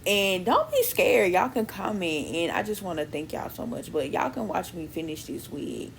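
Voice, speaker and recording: A woman's voice: on the low side, big pitch swings, moderate pace, vocal fry, slight background noise. A woman vlog host giving a casual outro, chatty and grateful, speaking straight to her fans.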